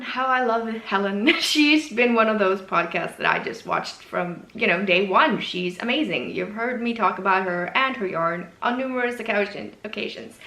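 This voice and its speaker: Gushing woman, bright voice. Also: on the high side. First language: Norwegian. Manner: gushing, enthusiastic, self-deprecating. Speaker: knitwear designer and podcast host. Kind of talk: casual video podcast chat. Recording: echoey room.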